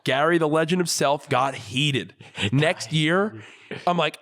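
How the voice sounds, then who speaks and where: A young man co-hosting a podcast, telling a childhood story in a lively, animated way. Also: on the high side, unhurried. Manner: animated storyteller, puts on voices for quotes. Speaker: podcast co-host. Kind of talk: casual podcast chat, storytelling.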